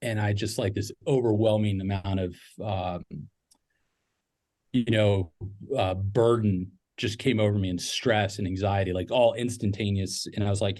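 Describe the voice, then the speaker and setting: A man's voice: on the low side, warm tone. A middle-aged man telling a personal business story casually, rambling with fillers and restarts. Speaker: podcast guest, business owner.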